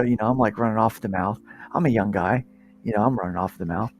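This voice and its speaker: Fast-talking and lowish in pitch over soft background music, a man hosting an easygoing podcast panel meanders through a lengthy story. He restarts again and again, getting animated in the telling.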